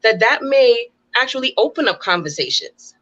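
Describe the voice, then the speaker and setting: A woman hosting a talk show, speaking in a measured, deliberate way with occasional fillers. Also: on the high side, expressive, fairly bright tone. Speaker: podcast host. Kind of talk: casual talk show discussion. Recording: dull, lo-fi sound.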